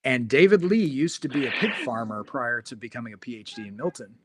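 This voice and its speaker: A man's voice: mid-range voice, expressive, brisk, fairly bright tone. A male host in casual chat, telling a rambling story with plenty of fillers.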